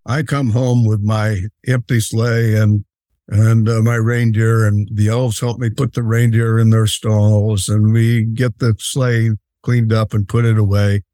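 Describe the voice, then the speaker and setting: Man voicing a kindly old santa, lowish voice, warm and mellow, gentle fatherly storytelling, dry close sound. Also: level tone, no echo, close to an everyday voice. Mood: contented. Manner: gentle, unhurried, fatherly anecdotes with many fillers. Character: jolly old Santa Claus, kindly and patient. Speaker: interview guest. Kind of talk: in-character storytelling interview.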